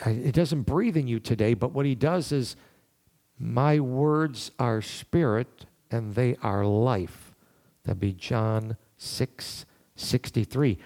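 A man's voice: mid-range voice, a little mellow, slightly rough. A man teaching a verse-by-verse Bible study to listeners in a room, in a conversational way, thinking aloud and asking them questions.

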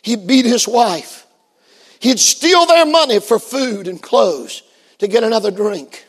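High voiced preacher guy shouting then going quiet, lots of hall echo. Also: lively intonation, slow pace. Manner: shouts and then drops very low for the story. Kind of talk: sermon. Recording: echoey hall.

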